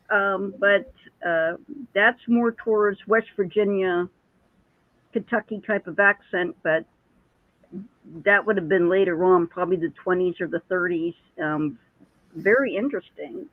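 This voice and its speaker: A woman's voice: mid-range voice, no room sound. A woman who is a psychic medium, chatting casually as a guest and telling stories with many restarts. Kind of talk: casual chat. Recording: tinny phone line, dry.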